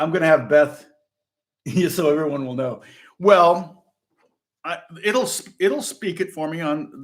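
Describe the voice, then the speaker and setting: A middle-aged man from Indiana, a guitar teacher rambling through a casual lesson chat, chuckling and restarting often. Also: fairly high pitch. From Indiana, USA.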